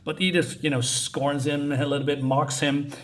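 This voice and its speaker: A man giving a casual comic book review, talking in a halting, chatty way with many fillers and restarts while recapping the pages. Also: fairly high pitch, level tone.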